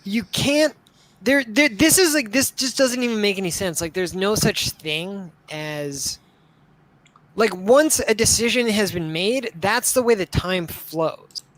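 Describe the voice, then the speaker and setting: A man's voice: sits high, measured pace, fairly bright tone, poor audio. A young man co-hosting a casual live-stream discussion, rambling with lots of filler words. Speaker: podcast co-host.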